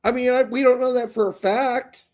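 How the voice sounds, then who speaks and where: Man, high voice, blunt casual soccer talk, swears freely, podcast co-host. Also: fairly even intonation, normal speed.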